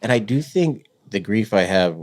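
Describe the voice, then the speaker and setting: Male podcast host, very low voice, soft-spoken, reflective. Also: expressive, moderate pace. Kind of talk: conversational interview.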